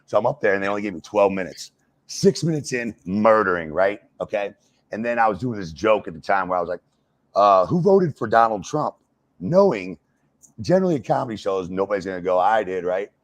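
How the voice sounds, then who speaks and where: Deep-voiced, profane storytelling man. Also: expressive, fast, dry recording. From United States. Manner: profane storyteller, lots of fillers. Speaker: wrestler and stand-up comic guest. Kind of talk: casual uncensored interview.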